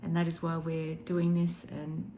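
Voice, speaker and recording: A woman voicing an archangel spirit she channels, speaking in a soft, slow, reassuring way. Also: deep voice, monotone, slight background noise. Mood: gently reassuring. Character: gentle guiding archangel spirit, calm and reassuring.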